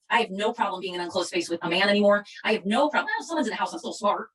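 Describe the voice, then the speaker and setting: A woman delivers a fervent, preachy motivational speech in a rapid-fire stream, hardly stopping for breath. She is middle-aged and talks to her team like a revival preacher. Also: mid-range voice, animated, a bit bright, rough recording. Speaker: MLM company leader giving a training talk.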